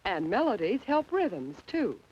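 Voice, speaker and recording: A woman in scripted narration for children, gentle and coaxing, asking the listener questions over a 1950s film soundtrack. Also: medium pitch, big pitch swings, unhurried, lo-fi sound.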